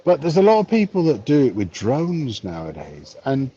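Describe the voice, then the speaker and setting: Man, fifties, wry live-stream chat, animated voice, muffled phone audio. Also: mid-range voice, normal speed, breathy edge. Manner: chatty, wry, reads chat messages aloud. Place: bar, drinking a pint.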